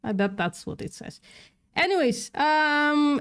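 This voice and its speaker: Slow-talking sarcastic woman livestreamer. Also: high voice, lively intonation. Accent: non-native English. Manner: sarcastic, swears casually, laughs often. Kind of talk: casual livestream chat.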